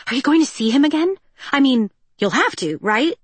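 Audiobook: woman reading a gushing, whiny teen girl, pitched high and loud, dry sound. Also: big pitch swings, moderate pace, no room sound. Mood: exasperated. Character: excitable teenage girl, dramatic, bubbly stepsister.

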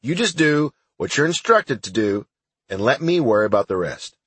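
A man voicing a gruff, blunt older army sergeant in an audiobook, with a husky voice. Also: mid-range voice, sing-song, moderate pace, fairly bright tone, dry recording, voice pushed up.

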